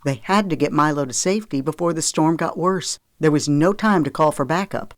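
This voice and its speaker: An audiobook narrator reading a novel with steady, measured storytelling into a close microphone. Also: medium pitch, no room sound. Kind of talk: scripted narration of a romance novel.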